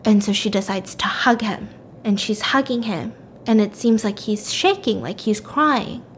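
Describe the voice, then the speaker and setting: A young woman casually retelling a dark story. She is animated and conversational, and she swears freely. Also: medium pitch, a little slow, a little hiss or hum.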